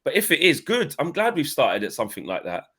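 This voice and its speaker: A man's voice: a little high, fast talker, husky. Chatty man hosting fan talk. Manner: animated, chatty, loose phrasing. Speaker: co-host of fan channel. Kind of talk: casual chat.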